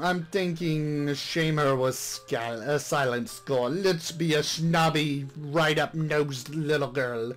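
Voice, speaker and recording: A man's voice: fairly high pitch, takes it slowly, few pauses, soft background music. A man hosting a casual game playthrough, chatting and reading the game text aloud. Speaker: gaming channel host.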